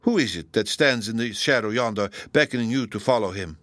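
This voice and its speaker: Storybook figure: fierce, passionate young man, done by a deep-voiced male reader. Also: animated, a little fast, a bit bright, no echo. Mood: pleading.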